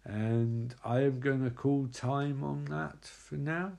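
A man's voice: medium pitch, fairly even intonation, takes it slowly, gravelly, darkish tone. A man recapping a film in a crude, sarcastic comedic manner. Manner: crude, sarcastic, laughing asides.

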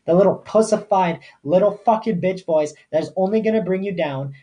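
A young man hosting his own podcast, ranting hard about fitness and grit. His delivery is blunt, heated and packed with swearing, with no polish or pause for niceties. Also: high-pitched, warm tone. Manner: profane, fired-up and blunt. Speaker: podcast host. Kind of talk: motivational podcast rant.

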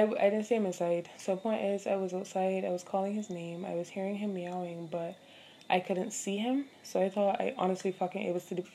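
A woman's voice: medium pitch, dark tone, a little hiss or hum. A young adult woman hosting her own podcast, telling a story in a candid, profane, chatty way with lots of fillers. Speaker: podcast host. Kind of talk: casual solo podcast storytelling.

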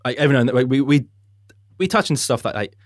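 A man co-hosting a podcast in casual chat, talking quickly and animatedly and swearing freely. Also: mid-range voice, lively intonation, no room sound, studio quality. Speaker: podcast co-host and editor.

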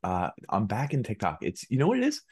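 Low, lively-voiced joking podcast guy. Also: fairly quick, husky. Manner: joking, self-deprecating. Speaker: podcast co-host. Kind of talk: casual chat.

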